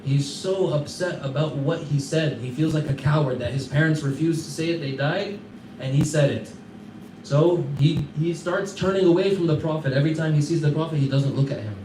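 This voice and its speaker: A man teaching a class, retelling a story in a casual, animated way with Arabic fillers. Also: on the high side, fairly quick. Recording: echoey room, distant mic, background noise.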